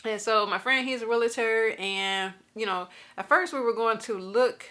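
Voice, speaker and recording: A woman vlogging a personal faith testimony in a casual, lively way, talking straight to her viewers and laughing through her stories. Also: on the high side, normal speed.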